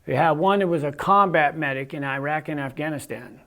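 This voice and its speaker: A man's voice: fairly high pitch, brisk, fairly bright tone. A man giving an earnest casual testimony as a guest, with many "you know"s and restarts as he tells his story.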